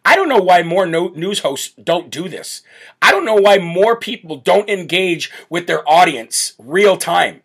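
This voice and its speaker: A man hosting a live political talk show, brash and loud, often breaking into laughter. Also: sits high, big pitch swings, unhurried, breathy edge. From United States. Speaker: show host.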